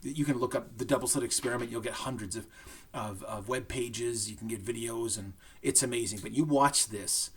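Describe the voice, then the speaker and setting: Middle-aged man, husky voice, casual English teacher talking through a lesson with frequent check-ins. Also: mid-range voice, normal speed. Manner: conversational, with frequent "right?" check-ins and restarts. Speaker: high school English teacher. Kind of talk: recorded lesson to students.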